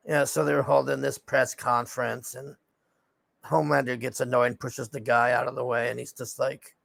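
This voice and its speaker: A man's voice: medium pitch, flat delivery, normal speed, gravelly, a bit bright, no room sound. A man recapping a TV show in a casual, rambling rant, frustrated and swearing often. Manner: frustrated, profane ranting; rambling with frequent fillers. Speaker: TV show reviewer.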